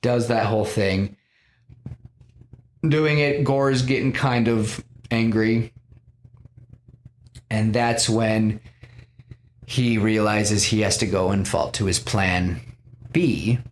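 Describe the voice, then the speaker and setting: A podcast host pitches a film by casually retelling it scene by scene, full of restarts and quoted lines. His voice is fairly low with fairly even intonation, slow and marked by long pauses, over a little hiss or hum.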